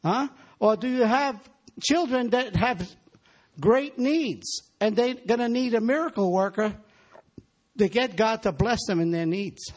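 A man's voice: sits high, animated, a little slow. A man preaching a sermon in a church, exhorting the congregation and calling for their responses.

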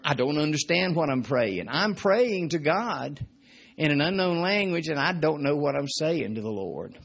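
Gravelly-voiced preacher teaching casually. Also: male voice, on the high side, very animated, normal speed, a bit bright. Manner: conversational, joking, repeats points. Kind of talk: sermon teaching.

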